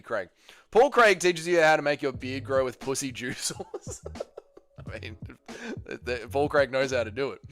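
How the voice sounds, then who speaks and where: A man hosts a casual livestream, reading viewer messages aloud and firing back crude jokes. His voice sits at an ordinary middle pitch, and faint music plays under his talk. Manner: crude, joking banter with chat. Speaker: livestream host.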